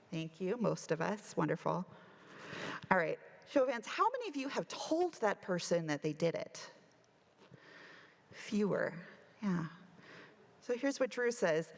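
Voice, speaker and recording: A woman minister giving a sermon, telling a story with animated delivery and acting out the voices she quotes. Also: fairly low pitch, creaky. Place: church sanctuary. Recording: long church reverb.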